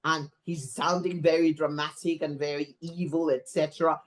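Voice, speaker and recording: Woman teacher trainer, lively workshop talk, expressive, somewhat low voice, keeps asking "right?". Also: moderate pace. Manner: animated and expressive, constantly checking in with "right?".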